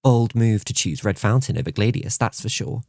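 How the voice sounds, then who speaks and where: Man doing a high, gushing princess, vain and flirty, lively swoops, dry close sound, audiobook reading. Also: moderate pace, vocal fry, no room sound. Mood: gossipy. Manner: gushing, theatrical.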